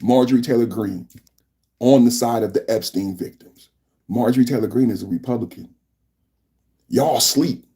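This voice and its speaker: A man hosting a live political podcast, talking in a mocking, animated way that repeats his points over and over. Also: medium pitch, moderate pace, pauses often. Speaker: podcast host. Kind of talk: live-stream political commentary.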